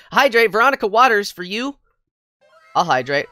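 A woman livestreaming a game, chatting with viewers in a bubbly, goofy way, jumping between squeals and quiet mutters. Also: mid-range voice, very animated, slow, long pauses, no echo, studio quality. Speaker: VTuber game streamer. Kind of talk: casual livestream chat with viewers. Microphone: headset mic. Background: faint game music.

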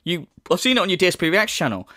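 A man hosts a commentary video, his pitch swinging widely as he mocks and scoffs. He swears freely and drifts in and out of sarcastic laughs. The sound is dry and close, with no room around him. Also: very animated, fast talker, bright, forceful tone, no room sound. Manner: mocking, laughing, swearing, mimics voices. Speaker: commentary channel host.

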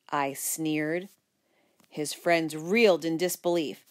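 A woman reading a children's book aloud, narrating in the first person with lively expression. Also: fairly low pitch, measured pace. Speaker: storyteller.

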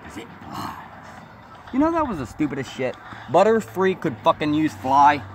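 A man's voice: fairly high pitch, sing-song, brisk. A man streaming a game and ranting crudely and animatedly in casual chat. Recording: game music playing behind.

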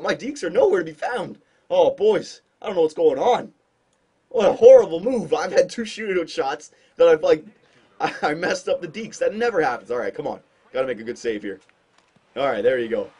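A man doing casual gameplay commentary on a hockey shootout, excitable and self-mocking, with sudden outbursts. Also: fairly high pitch, moderate pace, slightly rough. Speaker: gaming commentator.

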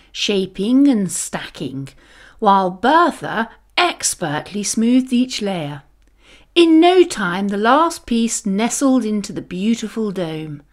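A woman narrating a children's bedtime story, gentle, expressive and soothing. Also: fairly high pitch.

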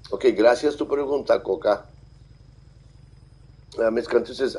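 A man live streaming, reading viewer comments aloud and thanking them in a halting, friendly way. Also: fairly low pitch, darkish tone, breathy edge, low-quality recording. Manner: halting, with many fillers and restarts. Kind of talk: casual live-stream chat.

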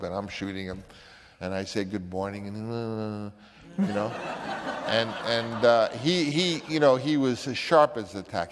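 Older man telling a story, echoing. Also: lowish voice. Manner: animated storyteller who acts out other people's voices. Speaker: filmmaker recalling a casting story. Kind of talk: anecdotal interview storytelling. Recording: long reverb.

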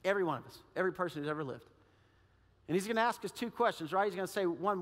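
High-voiced man preaching in a hall. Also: very fast. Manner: animated, acts out little quoted voices. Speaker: pastor. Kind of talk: sermon. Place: church sanctuary.

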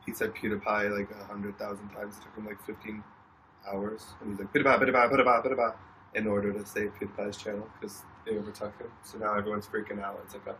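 Young male, lowish voice, far from the phone mic with clear noise, casual matter-of-fact explainer. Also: monotone, fast talker, a bit bright. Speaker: partner on the livestream. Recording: distant voice with background noise.

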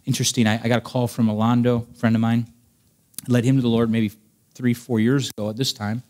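A man preaching a sermon as a pastor, earnest, swinging between emphatic raised passages and quiet storytelling. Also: mid-range voice, level tone, quick pace. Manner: earnest preaching, rising to emphatic peaks, dropping soft for stories.

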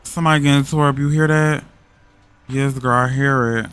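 A man chatting excitedly while playing a game with friends, slangy and full of dramatic reactions. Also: mid-range voice, moderate pace, a little hiss or hum. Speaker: fellow player. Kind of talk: casual gaming chat.

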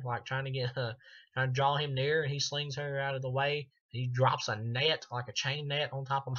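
Bright-voiced man rambling through a film review. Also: mid-range voice, lo-fi sound. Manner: rambling, profane, lots of ums and uhs. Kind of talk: casual spoken film review.

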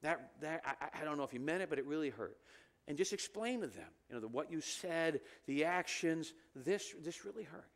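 High-voiced animated man preaching a sermon. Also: fairly quick. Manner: animated, rising to loud emphatic peaks. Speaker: pastor. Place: church sanctuary.

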